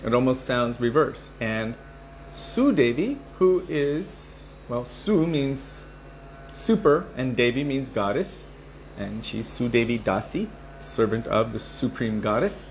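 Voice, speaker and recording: A man giving a scripture class, explaining pronunciation and retelling old stories in an unhurried, explanatory way. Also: medium pitch, animated, slight background noise, rough recording. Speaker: scripture teacher.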